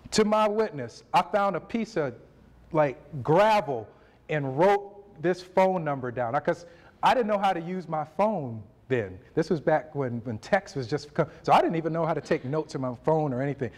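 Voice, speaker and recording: A man in his forties giving a motivational speech at a university event, telling his story with animated delivery and acting out conversations. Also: fairly high pitch, normal speed. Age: 40s. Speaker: motivational speaker.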